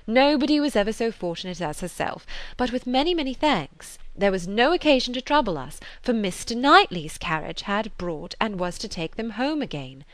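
A woman reading as a kindly middle-aged woman who speaks in a measured, gently persuasive way. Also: fairly high pitch, animated, no room sound, natural voice. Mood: chatty. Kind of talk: audiobook character reading.

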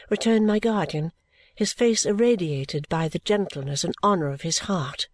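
A man narrating a classic novel as an audiobook, steady and unhurried. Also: high voice, no room sound.

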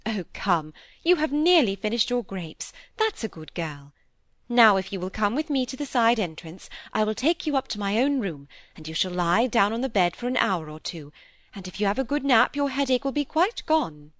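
Sweet-voiced young lady in mourning, read by a woman; gentle and coaxing. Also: medium pitch, very animated, normal speed, dry recording.

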